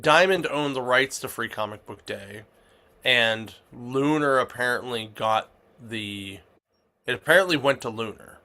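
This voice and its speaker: A man's voice: mid-range voice, measured pace, pushed and bright. A man hosting a casual comic shop podcast, rambling with lots of fillers and restarts. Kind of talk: casual chat.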